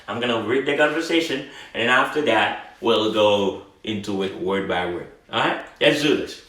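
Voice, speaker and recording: A man's voice: lowish voice, moderate pace, few pauses, a bit bright, recorded from a distance. A man teaching a language lesson, explaining patiently and reading a short dialogue aloud. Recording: roomy, voice away from the mic.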